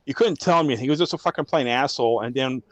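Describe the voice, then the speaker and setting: A man's voice: medium pitch, rapid-fire, no echo. A man who is a former army drill sergeant, telling blunt, profane stories in a casual podcast chat.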